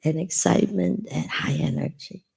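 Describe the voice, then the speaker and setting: A woman in a reflective spiritual conversation, speaking slowly in soft, half-whispered phrases. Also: low-pitched, vocal fry, husky. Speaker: participant in the session.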